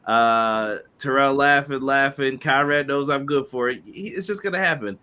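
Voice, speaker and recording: A man co-hosting a podcast in a relaxed way, reading viewer chat comments aloud and chuckling along. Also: medium pitch, moderate pace, smooth.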